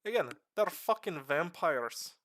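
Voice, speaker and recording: A man streaming live and explaining game lore to a friend in a casual, animated way with casual swearing. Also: on the high side, unhurried.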